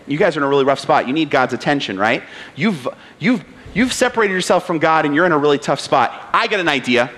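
A preacher voicing religion as a persuasive male dealmaker, talking lower and in a coaxing, salesman-like way. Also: animated, quick pace, fairly bright tone.

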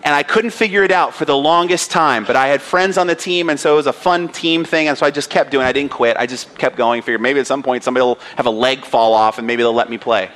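A man's voice: medium pitch, fast talker, few pauses, a bit bright. A man in his thirties, a pastor preaching a sermon with earnest emphasis and personal stories.

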